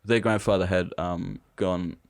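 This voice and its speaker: A young man, a podcast guest, telling animated stories and laughing as he talks. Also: deep voice, unhurried, vocal fry. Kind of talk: casual storytelling.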